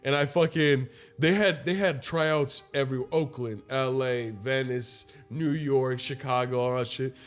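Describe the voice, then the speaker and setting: A young man tells a long story on a casual podcast, cursing freely and jumping into the voices of the people in it. His pitch sits in the middle for a man. Faint music plays under the talk. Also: a little slow, hardly any pauses. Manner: profane, animated storytelling with acted-out quotes. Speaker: podcast co-host. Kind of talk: casual chat.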